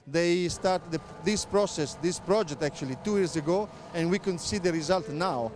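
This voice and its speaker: A middle-aged man with an Italian accent, a native Italian speaker answering interview questions as a motorsport pundit, pausing often on filler sounds and restarting his phrases. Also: sits high. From Italy. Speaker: motorsport pundit, former racing driver.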